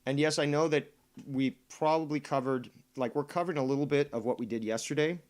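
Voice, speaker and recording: A man's voice: on the high side, fairly quick, a little mellow. A man casually commenting on a livestream, mocking someone and hesitating with fillers and restarts. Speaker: streamer commenting on clips.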